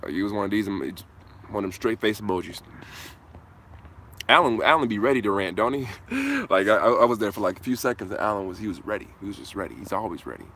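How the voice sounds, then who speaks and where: A man's voice: lowish voice, lively intonation, quick pace, a bit bright, slight background noise. A man hosting a casual live Q&A outdoors, talking in a laid-back, slangy way into a hand-held phone. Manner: laid-back slangy talk, answers viewer comments. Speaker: host.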